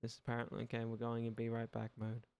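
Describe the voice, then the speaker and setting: A young man with an Irish accent talks loosely on a gaming stream. His voice is gravelly but smooth, with a flat, level delivery. He rambles through casual swearing and dry, sarcastic remarks. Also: medium pitch, quick pace. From Ireland. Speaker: livestream gaming host. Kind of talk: casual live-stream chat.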